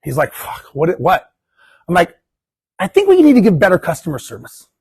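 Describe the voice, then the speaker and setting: Man, guest speaker, storytelling, acts out dialogue, casual swearing, husky, dry sound. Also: high voice, wildly swooping pitch, quick pace, darkish tone, dry recording, rough recording. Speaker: guest speaker at investor meetup. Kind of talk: storytelling talk to a live audience. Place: meeting room.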